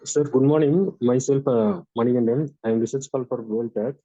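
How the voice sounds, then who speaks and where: Man, research fellow, polite hesitant question, warm dark tone, close dry sound. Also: medium pitch, brisk, no echo, highs cut off. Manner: polite, repetitive, searching for words. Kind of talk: questioner on an online session.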